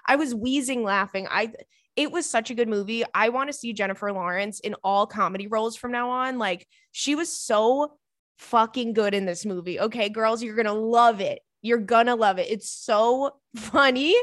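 A woman's voice: a little high, moderate pace, a bit bright, no echo, clean studio sound. A young woman hosting a podcast, chatting casually in a rambling, gushing way and swearing freely. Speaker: podcast host. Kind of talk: casual chat.

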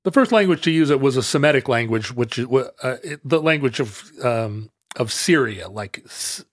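A man's voice: mid-range voice, expressive, moderate pace, no echo. Man musing in a dry room. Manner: musing, trails off and restarts mid-thought. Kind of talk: casual chat.

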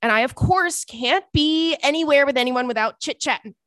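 A woman hosting a podcast in casual chat, an animated, chatty storyteller who breaks into playful squeals. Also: high-pitched, moderate pace, no echo, studio quality. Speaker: podcast host.

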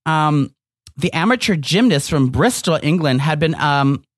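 A young woman with a somewhat low voice talks bluntly and swears freely as she jokes with her co-host. Her voice is recorded dry and close. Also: expressive, a little slow, dry recording. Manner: blunt, profane, joking. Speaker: podcast co-host. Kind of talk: casual chat.

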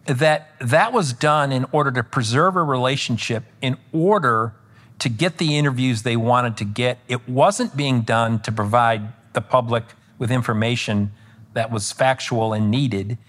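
A man speaking as a political commentator guest on a podcast, rambling with frequent restarts and self-corrections, and animated when he recounts exchanges. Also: mid-range voice, a little slow. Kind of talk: conversational podcast interview.

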